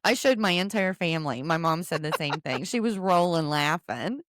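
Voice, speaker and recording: Easygoing woman with a lowish voice. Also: animated, normal speed, no echo, studio quality. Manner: easygoing, laughs often, agreeable. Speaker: podcast co-host. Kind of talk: casual recap chat.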